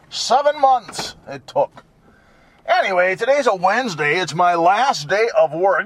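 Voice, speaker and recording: Rambling wisecracking man, lively high voice. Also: slow pace, no echo. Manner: rambling, wisecracking, swears freely. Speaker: vlogger. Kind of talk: casual driving vlog. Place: inside a truck while driving.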